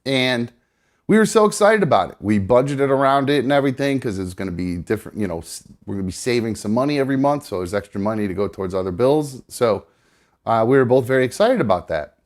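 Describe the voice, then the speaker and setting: A man's voice: mid-range voice, animated, fast talker. A man hosting a live show from a studio, telling a rambling personal story in casual chat. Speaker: podcast host.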